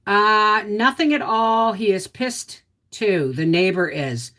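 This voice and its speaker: A woman's voice: medium pitch, slow, sharp tone. A middle-aged woman hosting a casual livestream, greeting viewers and answering their comments in a chatty, sympathetic way.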